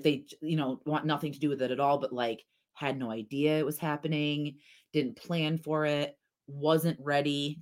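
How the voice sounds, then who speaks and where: Woman, low voice, casual podcast chat, animated storytelling, laughs often. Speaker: podcast co-host.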